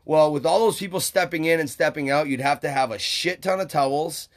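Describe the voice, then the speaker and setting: A man's voice: a little high, a little fast. A man co-hosting a podcast in a laid-back, joking chat, full of dude and bro. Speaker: podcast co-host. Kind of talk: casual chat.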